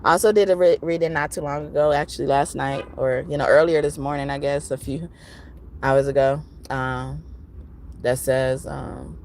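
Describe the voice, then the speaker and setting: A woman giving a casual spiritual reading message, chatting in a relaxed way and now and then breaking into song. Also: a bass voice, moderate pace, slight background noise. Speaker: spiritual reader.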